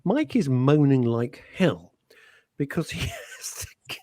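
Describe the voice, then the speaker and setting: A British man hosting a radio show, chatting and teasing his co-host in a playful, animated way. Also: medium pitch, takes it slowly, dry recording. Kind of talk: casual radio chat. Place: radio studio. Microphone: studio microphone.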